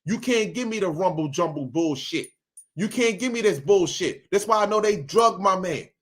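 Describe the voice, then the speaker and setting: A man reacting to video clips in casual commentary, animated and emphatic, repeating lines for effect. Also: high voice, moderate pace.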